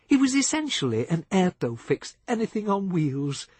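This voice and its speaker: A man reading a novel aloud as audiobook narrator, measured and expressive, on a close studio mic. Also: high-pitched, husky, dry recording.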